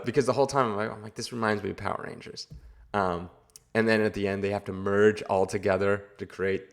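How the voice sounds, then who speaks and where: A man's voice: lowish voice, vocal fry. A man giving a casual, rambling movie review, exasperated and full of filler words. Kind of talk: casual video review rant.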